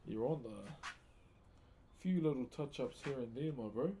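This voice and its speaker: A man's voice: mid-range voice, a little slow, dark tone, slight background noise. Laid-back Kiwi man chatting on stream. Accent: New Zealand. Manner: laid-back, slangy, greets viewers by name. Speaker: livestreaming wood carver. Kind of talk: casual live-stream chat.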